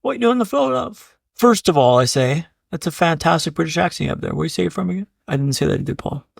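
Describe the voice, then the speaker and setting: Here a man with a fairly high, creaky, husky voice talks fast through a dramatic story. He's a keynote speaker guesting on a podcast, hitting punchy repeated beats, swearing offhandedly and frequently using the host's name. The sound is clean studio audio with no echo.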